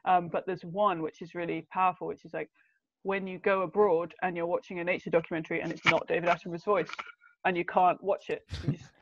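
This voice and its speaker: A young woman telling stories as a podcast guest. She talks in an animated, emotional way, with big jumps in pitch. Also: fast, background noise. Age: young adult. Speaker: guest, documentary filmmaker. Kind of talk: conversational podcast storytelling. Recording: dull lo-fi sound.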